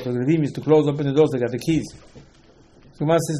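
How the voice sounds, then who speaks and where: This religious teacher speaks quickly in a warm voice that sits on the high side, though the audio quality is poor. His informal lecture wanders, with repeated words, self-answered questions, and non-native English grammar.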